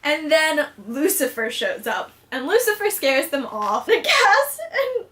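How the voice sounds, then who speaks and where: A woman's voice: high-pitched, very animated, unhurried, bright, forceful tone. A young woman recapping a TV episode in a casual, chatty vlog, full of fillers and acted-out quotes. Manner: bubbly, chatty, frequent "like" fillers, acts out quotes. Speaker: vlogger.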